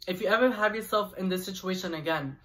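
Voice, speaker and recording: A young man putting on the voice of a tough, no-nonsense mother who yells orders. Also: mid-range voice, quick pace, natural voice, low-quality recording. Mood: stern. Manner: yelling orders.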